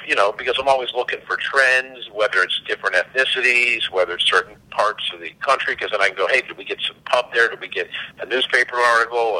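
A man, a company CEO and podcast guest, telling animated anecdotes and acting out the dialogue. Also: medium pitch, rough recording. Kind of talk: casual storytelling.

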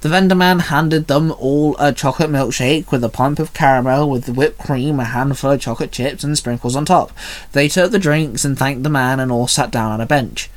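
A man's voice: mid-range voice, moderate pace. A man reading fan fiction aloud as narrator, in a plain storytelling read.

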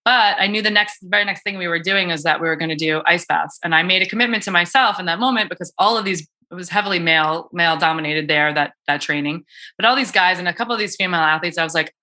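A bright-voiced woman coach talks through cold exposure in a loose, chatty way, full of fillers and restarts. Her voice sits a little low for a woman. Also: quick pace. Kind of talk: casual podcast conversation.

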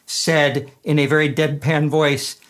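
A man co-hosting a podcast, telling an anecdote in an unhurried way with fillers. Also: fairly high pitch, level tone, a bit bright. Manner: unhurried storytelling with laughs and fillers. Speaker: podcast co-host. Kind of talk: casual anecdotal chat.

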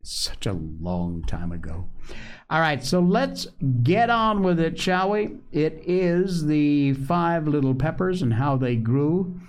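Expressive man reading a storybook aloud. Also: fairly high pitch, slow pace. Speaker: podcast host reading a book aloud. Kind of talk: reading a children's classic aloud.

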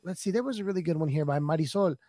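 An upbeat male podcast host jokes with his guests and moves quickly through quick asides. His voice sits high for a man. The sound is dry and close. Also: warm tone, dry recording. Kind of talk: casual podcast hosting.

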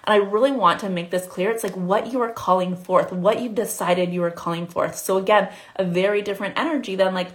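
Chatty woman giving a spiritual coaching talk. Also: medium pitch. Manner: fast, chatty, many "like" fillers, acts out inner voices. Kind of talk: live motivational talk.

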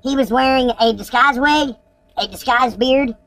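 A woman, excitedly telling a profane story in casual podcast chat. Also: high-pitched, normal speed, poor audio. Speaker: podcast host.

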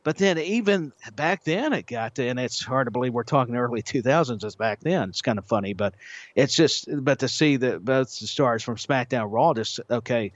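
A man's voice: medium pitch, animated, moderate pace, no echo. A man co-hosting a wrestling podcast in casual chat, often restarting and repeating his words. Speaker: podcast co-host. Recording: dull lo-fi audio.

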